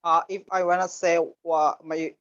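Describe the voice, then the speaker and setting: Hesitant high-voiced male student on a call. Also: little pitch movement, fairly bright tone, clear, resonant tone, no echo, dull audio. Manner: hesitant, halting, searching for words. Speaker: student caller. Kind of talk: live class conversation.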